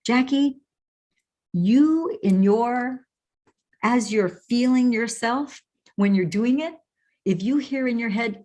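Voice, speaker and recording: A woman hosting a show and answering viewer questions, enthusiastic and animated, often breaking into excited exclamations. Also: a little high, slow, long pauses. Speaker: host.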